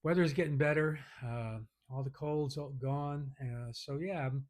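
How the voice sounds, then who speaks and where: A man's voice: fairly high pitch, measured pace, darkish tone. A man vlogging to his viewers in a rambling, casual chat full of fillers and restarts.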